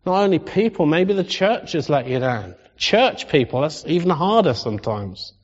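A man preaching in a church hall, his fairly high voice shifting from easy conversation to animated, climbing emphasis. A long reverb trails each line, and the recording sounds muffled and dull. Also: moderate pace. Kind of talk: sermon.

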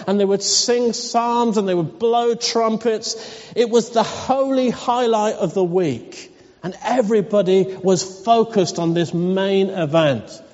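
A preacher with a high-sitting, darkish voice gives a sermon in a wry, conversational, storytelling manner. The recording sounds dull and is set in a reverberant hall.

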